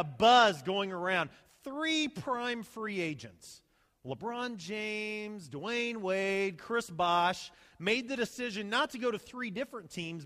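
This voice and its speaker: A man preaching a sermon as pastor, animated, swinging between loud emphasis and soft, slow asides. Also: sits high, long reverb tail. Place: church sanctuary.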